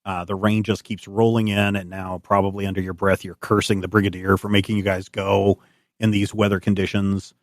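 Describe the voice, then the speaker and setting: A man narrating as game master of a tabletop game, relaxed and descriptive. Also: low-pitched, brisk, dry recording, clean studio sound.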